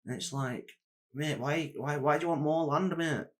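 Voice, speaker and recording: A man's voice: a little high, moderate pace. A young man co-hosting a podcast in casual chat, rambling and slangy, swearing freely. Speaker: podcast co-host.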